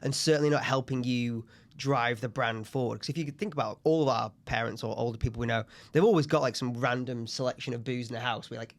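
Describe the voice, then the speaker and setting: A man in his thirties from England chats casually as a podcast co-host. His voice sits at an ordinary middle pitch, and he talks in a loose, anecdotal way. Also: fast. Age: 30s. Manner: chatty, tells anecdotes, puts on voices in quotes. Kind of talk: casual chat.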